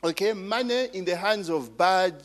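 A man's voice: sits high, normal speed. A man preaching a sermon, calling out for responses from the congregation and cracking jokes in between. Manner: call-and-response with the congregation, joking asides.

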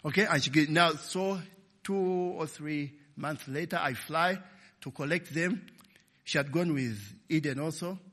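A long echo from a large hall surrounds this middle-aged Ugandan man, a pastor whose fairly high voice moves a little slowly. He tells personal stories while preaching and, with animated energy, checks in with the congregation using "okay?" and "eh?".

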